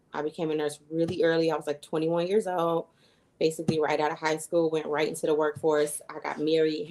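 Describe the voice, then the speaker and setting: A woman's voice: sits low, rough recording. A woman in her thirties, a guest coach, earnestly telling her personal story in an interview, with fillers and little self-quotes. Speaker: guest, human design coach and astrologer.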